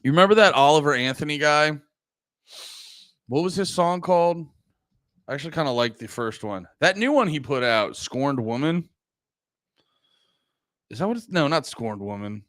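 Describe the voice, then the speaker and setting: A man's voice: a little high, lively intonation, normal speed, long pauses, fairly bright tone, no room sound, studio quality. A young man talking casually as a podcast host, rambling and swearing, often cutting himself off and laughing. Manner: profane, rambling, self-interrupting, laughs often.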